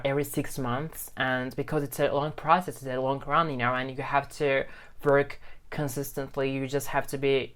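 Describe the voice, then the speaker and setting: His medium-pitched voice is a bit bright, clear and resonant as he talks casually to his phone camera. A non-native English speaker running an English-learning vlog, he speaks earnestly, repeating himself with many fillers.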